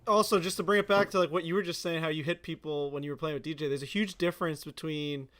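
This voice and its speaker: A man hosting a casual podcast chat, asking relaxed questions with plenty of fillers. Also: a little high, fast talker. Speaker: podcast host.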